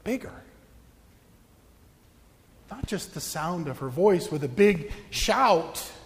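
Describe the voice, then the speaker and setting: Guy preaching a sermon, kinda high voice, jokey, long echo like a big church. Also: lively intonation, slow pace, a little hiss or hum. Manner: playful, joking with the congregation. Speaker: pastor.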